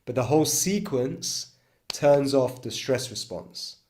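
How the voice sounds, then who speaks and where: A man leading a guided breathwork class, calmly explaining and demonstrating chanted tones, checking in often with his listeners. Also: medium pitch, takes it slowly, slight background noise. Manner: calm coaching with frequent "okay?" and "right?" check-ins. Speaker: breathwork coach.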